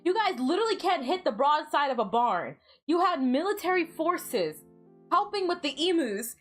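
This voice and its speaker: A woman's voice: high-pitched, big pitch swings, normal speed, faint music behind. A woman from the United States chatting casually while gaming on stream, giggling often and rambling through lots of filler words.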